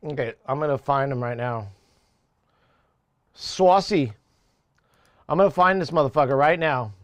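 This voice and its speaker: A man's voice: medium pitch, measured pace, dry recording, highs cut off. A young man casually chatting on a live music-production stream, rambling, swearing and laughing at his own jokes. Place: home studio.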